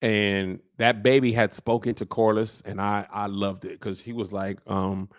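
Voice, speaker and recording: A man hosting a comedic TV recap, riffing in a slangy, animated way. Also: lowish voice, a little slow.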